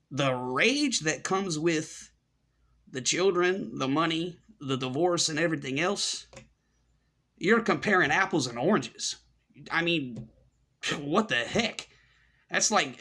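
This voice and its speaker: Scornful ranting man, bright edgy voice. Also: on the high side, lively intonation, a little slow. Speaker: commentary host. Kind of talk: ranting monologue.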